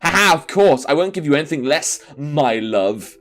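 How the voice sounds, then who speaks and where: A man voicing a flirty, confident female vampire from a dating game, speaking low and teasing. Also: lively intonation, moderate pace, fairly bright tone.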